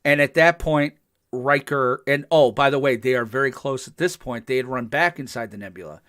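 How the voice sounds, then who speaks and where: A man's voice: mid-range voice, moderate pace. Older man recapping a show animatedly. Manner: animated storytelling, acts out quotes. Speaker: podcast host. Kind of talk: casual podcast chat.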